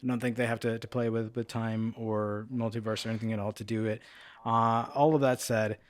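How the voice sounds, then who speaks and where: A man's voice: on the low side, little pitch movement, brisk. A man co-hosting a casual podcast, giving rambling, opinionated takes. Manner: rambling and opinionated, lots of fillers and restarts. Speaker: podcast co-host.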